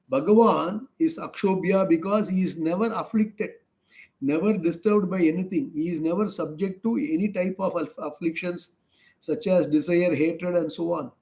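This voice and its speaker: Brief: middle-aged male teacher, warm low-key tone, slightly high; quick chanting, slow repetitive explanation. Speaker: spiritual teacher. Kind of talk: scripture class explaining Sanskrit verses.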